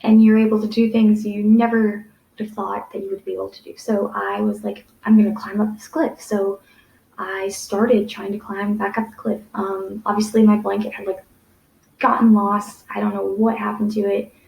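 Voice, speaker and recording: A woman's voice: mid-range voice, level tone, normal speed, vocal fry, a little mellow. A young adult woman telling a personal story to camera, rambling with many fillers and restarts. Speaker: vlogger. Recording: echoey room.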